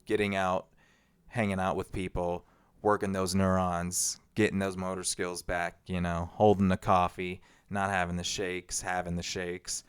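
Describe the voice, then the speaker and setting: A man's voice: low voice, level tone, a little slow, clean tone. A man hosting a solo podcast, talking in a rambling, reflective way with frequent fillers. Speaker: podcast host. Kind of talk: casual solo podcast monologue.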